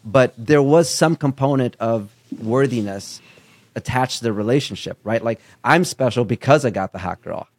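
A man with an ordinary mid-range voice speaks openly in a casual podcast chat. He is animated and personal, and the sound is dry and close with no room echo. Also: medium pitch, normal speed. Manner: candid and animated, storytelling with asides.

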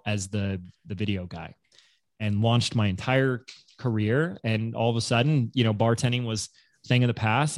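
Animated male storyteller, dry sound. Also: on the low side, no room sound. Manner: animated storyteller, acts out voices in quotes. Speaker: guest entrepreneur. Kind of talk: casual storytelling interview.

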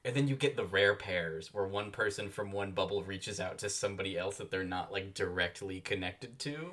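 Wry, relaxed male podcast co-host. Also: low-pitched, moderate pace. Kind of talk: casual chat recapping a TV drama.

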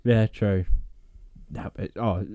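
A man's voice: fairly low pitch, slow, narrow, tinny audio. A man co-hosting a podcast in casual, sweary chat, laughing often. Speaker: podcast co-host.

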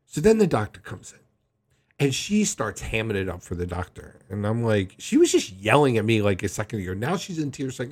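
A man's voice: fairly low pitch, a little fast, breathy edge. A man telling a personal story to camera in a casual, rambling way, often restarting his sentences. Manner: rambling, animated retelling with frequent restarts. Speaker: vlogger.

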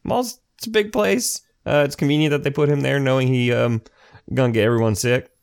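A man's voice: mid-range voice, fairly quick, creaky, clean tone. A man casually summarizing a TV episode's plot to friends, with filler words and offhand asides. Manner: laid-back, meandering plot summary. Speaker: podcast co-host. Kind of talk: casual chat.

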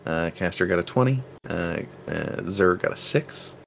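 A young man speaks low and gravelly while he plays his character at a tabletop game. He hesitates, fills gaps with ums and laughs, and a faint hiss of background noise sits under his voice. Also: lively intonation, measured pace. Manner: hesitant, laughing, many fillers. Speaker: tabletop player.

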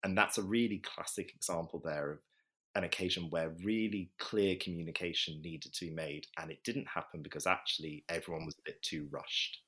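A man's voice: low-pitched, steady tone, brisk, fairly bright tone, breathy edge. A man, a vet, earnestly recounting a hard day at work in a casual interview. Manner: earnest, reflective, acts out quoted voices. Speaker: vet telling a story.

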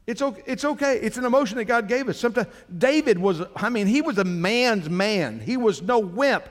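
A man's voice: sits high, animated, normal speed, big-room sound. A man pastor preaching a sermon, emphatic, climbing into fervent exhortation.

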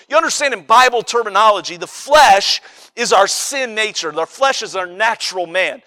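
Male preacher, sermon, high-pitched, forceful, conversational, repetitive. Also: lively intonation, moderate pace. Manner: conversational, emphatic preaching with many repetitions and restarts.

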